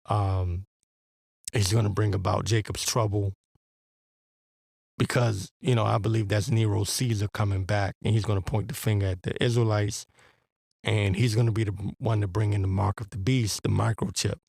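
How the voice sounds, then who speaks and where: A man's voice: fairly low pitch, steady tone, normal speed, vocal fry, darkish tone, slightly rough, no echo, studio quality. A man hosting a podcast, delivering a blunt, profane, rambling religious commentary with a preacher-like edge. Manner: rambling with restarts. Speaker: podcast host.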